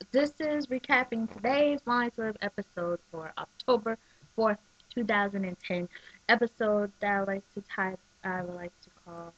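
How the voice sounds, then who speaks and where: Chatty, excitable woman vlogger, mid-pitched, dull webcam audio. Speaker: soap opera recap vlogger. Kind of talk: casual chat.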